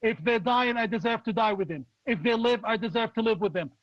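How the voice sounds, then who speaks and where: Man, very high voice, impassioned political talk, dry dull lo-fi sound. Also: brisk, no echo. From Palestinian, raised in Jordan. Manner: forceful, indignant, repetitive. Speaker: political opposition leader.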